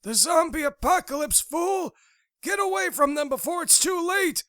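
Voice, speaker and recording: A male narrator voicing an old retired veteran who shouts warnings at his neighbors in an audiobook. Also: very high voice, expressive, moderate pace, no echo, clean studio sound, pitched above the performer's own voice, full character voice. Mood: roaring alarm.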